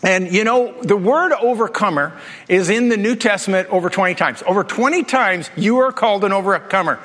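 A man's voice: high-pitched, brisk, fairly bright tone, big-room sound. A man preaching as a pastor, joking and asking his congregation questions in a conversational way. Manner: humorous, conversational, asks the audience questions. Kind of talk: sermon. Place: church.

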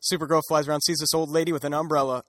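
A man's voice: a little high, flat delivery, racing, fairly bright tone, no echo. Playful man chatting on a dry mic. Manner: laughing, playful, acts out quotes. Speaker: podcast co-host recapping a comic. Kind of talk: casual comedic chat.

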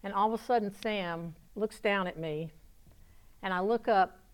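A woman pastor giving a spoken testimony to an audience, telling her story with lively energy and dropping into soft, hushed tones. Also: medium pitch, normal speed, clean tone.

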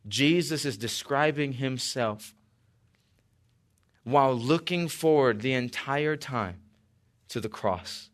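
A man preaching a sermon as pastor, slow and emphatic with dramatic pauses and light asides. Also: medium pitch, animated.

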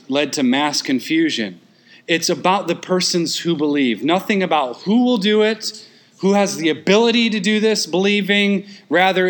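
A male preacher gives an expository message, stressing and restating key phrases with quick side remarks and abrupt bursts of intensity. His voice is a little high.

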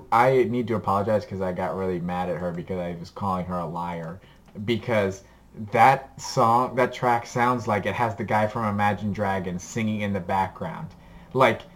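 Rambling, enthusiastic low-voiced man. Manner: enthusiastic, rambling, laughs often. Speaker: podcast co-host giving a music recommendation. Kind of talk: casual chat.

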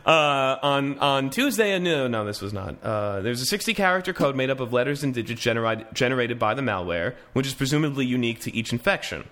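A man's voice: medium pitch, lively intonation, fairly quick, hardly any pauses, a bit bright. A man hosting a casual news podcast, reading articles aloud with wry asides and frequent restarts. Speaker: podcast host.

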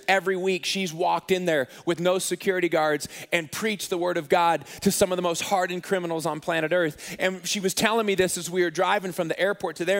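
Guy pastor telling a story in a sermon, kinda high voice, echoey church hall, jokes on himself. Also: a bit bright. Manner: conversational, self-deprecating humor.

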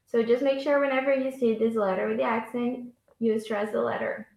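Gravelly-voiced woman teaching pronunciation. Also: on the high side, steady tone, darkish tone. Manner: patient, repeats words slowly for practice. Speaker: Portuguese teacher. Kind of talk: language lesson. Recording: echoey room.

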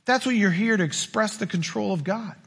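A man's voice: sits high, brisk, vocal fry, a bit bright, husky, full character voice. A man voicing a scheming male devil who coaxes and tempts, in a reverberant hall. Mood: coaxing. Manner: coaxing, persuasive.

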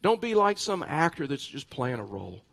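Animated pastor preaching a sermon. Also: male voice, a little high, moderate pace, creaky. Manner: animated storytelling with bursts of laughter; repeats words and restarts phrases.

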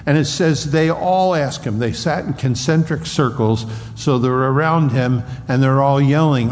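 Slow, earnest preacher in a reverberant hall. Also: male voice, medium pitch. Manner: earnest, builds to loud acted crowd taunts. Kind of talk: sermon. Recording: reverberant hall with faint ambience.

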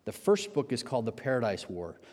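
A man preaching a sermon, telling a story with lively energy and acting out the quotes. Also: mid-range voice, fairly quick. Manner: animated storyteller, acts out shouted quotes. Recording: long hall reverb.

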